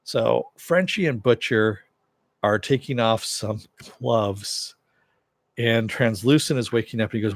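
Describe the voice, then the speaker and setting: A man's voice: mid-range voice, moderate pace, no echo, clean studio sound. A man casually recapping a TV episode, loosely retelling the dialogue with many "uh" fillers. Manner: loose storytelling, paraphrases dialogue with "he goes"; frequent "uh" fillers. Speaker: TV show reviewer.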